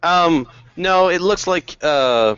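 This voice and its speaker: A man's voice: on the high side, lively intonation, takes it slowly, a bit bright, smooth, dry recording. A man narrating a tabletop game as dungeon master, loose and laughing, with goofy voices. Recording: muffled, dry home recording.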